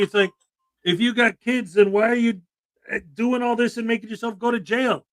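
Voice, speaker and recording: High-voiced man asking rhetorical questions. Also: fairly even intonation, moderate pace, fairly bright tone, dry recording, poor audio. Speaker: livestream co-host. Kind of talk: casual reaction chat.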